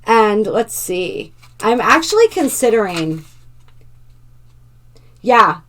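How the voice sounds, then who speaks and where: A woman giving a spiritual oracle card reading in a soft, gentle way. Her pitch sits in the middle range. She moves between reading card passages aloud and talking straight to her viewers. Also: very animated, takes it slowly.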